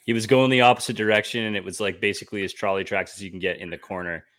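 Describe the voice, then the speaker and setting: A man's voice: on the low side, steady tone, racing, a bit bright. A man co-hosting a podcast, chatting casually in a laid-back, teasing way. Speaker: podcast co-host.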